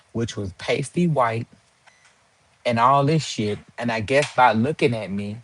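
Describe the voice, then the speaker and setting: A man hosting a live stream, ranting in a heated, profane and sarcastic way. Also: mid-range voice. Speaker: livestream host.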